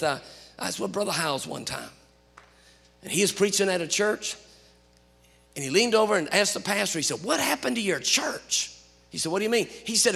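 A pastor preaching a sermon, telling animated stories and rising to shouts. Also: male voice, high voice, creaky, husky, in a large hall.

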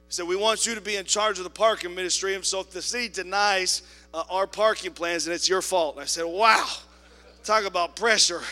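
A man preaching a sermon in a church, telling a story with quoted voices and swinging between loud appeals and soft asides. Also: high-pitched, steady tone, brisk, long reverb tail, soft background music. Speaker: pastor. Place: church sanctuary.

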